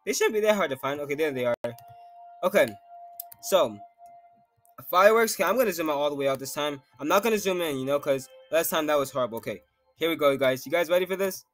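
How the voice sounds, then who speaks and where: A young man with a slightly high voice chats casually while he plays a game, rambling and filling his speech with little asides. His talk comes across as heartfelt. Soft music plays underneath. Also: animated, fast. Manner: rambling, heartfelt, many fillers. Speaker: gaming YouTuber. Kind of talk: casual gameplay commentary.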